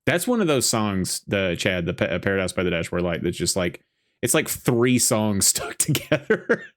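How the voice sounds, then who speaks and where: A man's voice: low voice, very animated, moderate pace. A man co-hosting a podcast, chatting casually while watching a movie and telling rambling jokes and stories. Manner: rambling, joking storyteller. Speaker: podcast co-host.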